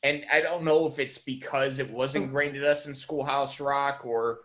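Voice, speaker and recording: A man's voice: medium pitch, fairly even intonation, moderate pace, fairly bright tone. A man co-hosting a podcast, arguing emphatically in casual political chat and swearing for emphasis. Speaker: podcast co-host.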